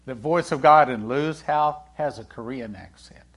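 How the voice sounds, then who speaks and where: A man preaching a sermon in a conversational way, asking the congregation questions and swinging between loud and hushed delivery. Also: mid-range voice, moderate pace, husky. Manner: animated, swings from loud to hushed, acts out quoted dialogue.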